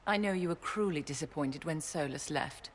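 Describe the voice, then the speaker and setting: A woman's voice: low-pitched, moderate pace, a little hiss or hum, natural voice. An actress voicing an elegant, condescending noblewoman mage in a video game, speaking in a refined, silky, patronizing way.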